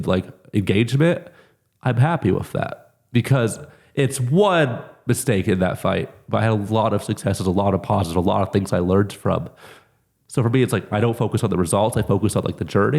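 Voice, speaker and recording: A man being interviewed as a fighter, talking casually with lots of "like" and growing lively when he tells stories. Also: lowish voice. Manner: relaxed, heavy use of "like", lively when telling stories. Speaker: MMA fighter, interview guest.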